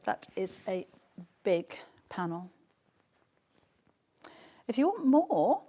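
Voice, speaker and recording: A woman's voice: on the high side, darkish tone. A middle-aged woman presenting fabrics on a live sales show, chatting and gushing with lots of restarts.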